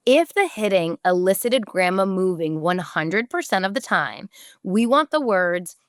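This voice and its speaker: A woman's voice: mid-range voice, very animated, measured pace, dry recording, studio quality. A woman, a podcast host giving direct, emphatic parenting advice and briefly acting out what parents and children say.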